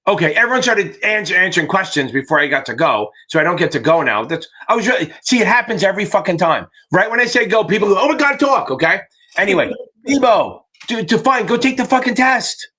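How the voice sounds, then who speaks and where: Middle-aged man, exam-tutor host, sharp and bright tone, slightly high voice, casual, salty, rambling. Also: big pitch swings, fast. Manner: rambling, profane, jokey. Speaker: exam tutor hosting a live Q&A. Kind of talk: casual livestream chat.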